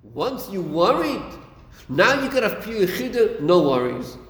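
A man's voice: high voice, very animated, unhurried. A man teaching a Chasidic text class, acting out dialogue and repeating his phrases. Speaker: Torah teacher. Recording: echoey room with long reverb.

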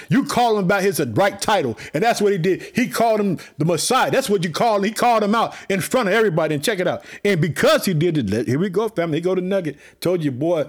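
A fired-up man delivers a fiery sermon in a very high voice that swings wildly up and down. He breaks into shouts as he repeats his catchphrases.

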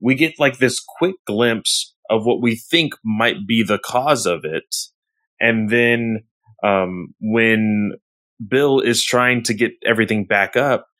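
A man co-hosting a casual comic book podcast, recapping a plot in a halting way full of fillers and self-corrections. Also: lowish voice, a bit bright.

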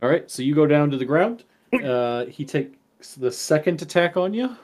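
A man running a tabletop game as game master, making quick casual rulings. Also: on the high side, sing-song, darkish tone.

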